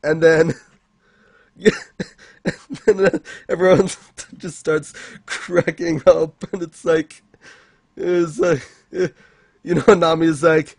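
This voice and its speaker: A man's voice: on the high side, level tone, takes it slowly, vocal fry, pauses often, a little mellow, slightly rough, no echo. Male co-host, casual recap chat, laughs constantly, acts out character lines, dry sound. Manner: giggly, keeps laughing and acting out characters' lines. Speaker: anime podcast co-host.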